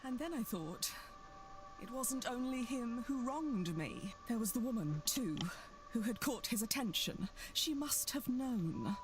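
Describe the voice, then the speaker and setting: A woman voicing a bitter widow haunted by her dead husband in a video game, speaking in a slow, measured, brooding way. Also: fairly high pitch, animated. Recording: game audio with music behind.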